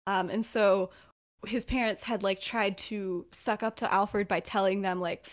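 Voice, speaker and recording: A woman's voice: medium pitch, steady tone, unhurried. A young woman co-hosting a podcast, retelling a story in casual chat, rambling with lots of fillers and acting out the quotes. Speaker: podcast co-host.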